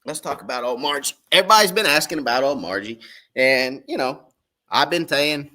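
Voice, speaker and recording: Brisk and lively, this middle-aged fishing livestream host speaks at medium pitch with a pushed, bright delivery. His casual, folksy stream wanders as he welcomes viewers by name.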